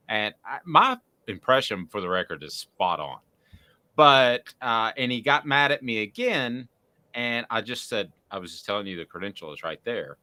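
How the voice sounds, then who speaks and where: Animated rambling male radio host. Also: medium pitch, normal speed, dry recording. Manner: rambling, animated storyteller with filler words. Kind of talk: casual radio chat, storytelling.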